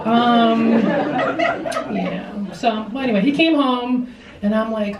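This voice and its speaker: A woman's voice: on the high side, slow, muffled recording, noisy background. A woman hosting a stand-up comedy show on a theater stage, chatty and self-mocking. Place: theater stage with live audience. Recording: roomy theater sound from a distance, loud audience.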